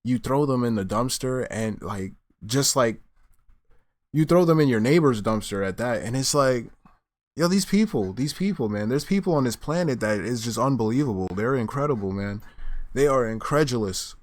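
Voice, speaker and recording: A man's voice: medium pitch, lively intonation, normal speed, dry recording. A man reacting to a clip in loose, slangy, rambling commentary. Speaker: reaction host. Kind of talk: casual commentary.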